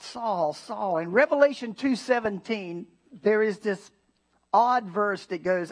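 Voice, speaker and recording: A man pastor delivering a sermon, swinging from emphatic declarations to hushed, tender asides. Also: high voice.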